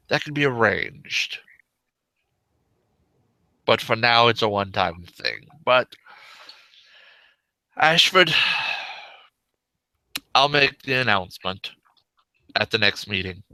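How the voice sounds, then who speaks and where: A man's voice: medium pitch, creaky, pushed and bright, dry recording, heavily acted, low-quality recording. A man voicing the courteous male leader of an underground brotherhood, speaking politely and formally.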